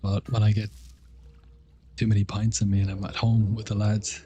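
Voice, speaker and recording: A man's voice: fairly low pitch, level tone, brisk, mellow, slightly rough, muffled recording. A man from Ireland with a mild Irish accent, chatting casually with viewers while streaming a game. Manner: laid-back, chatty, thanks viewers. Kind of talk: casual livestream chat while gaming.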